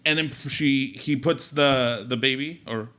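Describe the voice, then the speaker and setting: A young man co-hosting a podcast, telling a birth story in casual chat and acting out the quotes with big jumps in his voice. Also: a little slow. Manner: animated retelling, acts out quotes with big pitch jumps. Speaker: podcast co-host, new father. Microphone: podcast microphone.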